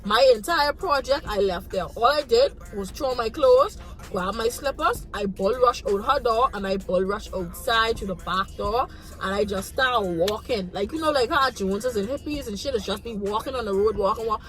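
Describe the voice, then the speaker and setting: A woman's voice: on the high side, moderate pace, a bit bright. A young woman from the Bahamas with a Bahamian accent, frankly telling a casual storytime and acting out her own reactions. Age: young adult. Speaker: vlogger.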